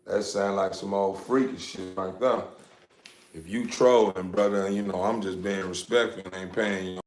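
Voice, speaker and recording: A man's voice: sits low, fairly even intonation, moderate pace, a little mellow, roomy sound, a little hiss or hum. A man chatting casually on a livestream to his viewers, rambling and repeating himself, laughing often, speaking into a phone. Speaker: dog breeder livestreaming.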